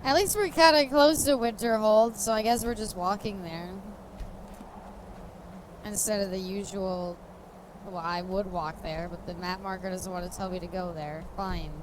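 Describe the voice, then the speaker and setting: A woman's voice: medium pitch, fairly even intonation, normal speed, background noise. A woman streamer giving casual commentary while she plays, rambling through jokey stories and laughing often. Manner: rambling, giggly, jokey storytelling. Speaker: streamer playing a game.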